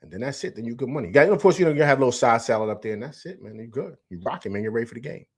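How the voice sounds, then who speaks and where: A man's voice: medium pitch, animated, rapid-fire, breathy edge. A man hosting a live stream, chatting casually in slang, repeating himself and answering viewers from the chat. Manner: loose slangy talk, repeats himself, reads chat aloud.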